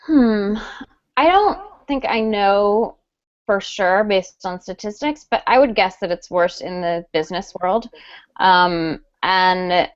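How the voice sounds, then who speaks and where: A woman guest speaking in a casual live video chat, chatty and animated with frequent ums. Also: medium pitch, slow, smooth, dry recording. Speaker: guest author. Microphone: video call. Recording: dull lo-fi online call audio.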